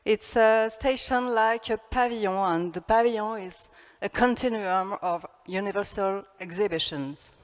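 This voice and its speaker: Slow, hesitant woman with a French accent. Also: medium pitch. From France. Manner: halting, hesitant delivery with fillers and restarts. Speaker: architect giving a festival talk. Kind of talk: conference presentation. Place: large hall. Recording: long hall reverb.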